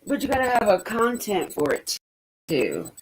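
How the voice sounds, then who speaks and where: A woman's voice: mid-range voice, wildly swooping pitch, normal speed, slightly rough, low-quality recording. A woman chatting casually as a streamer, rambling and swearing freely. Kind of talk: casual chat.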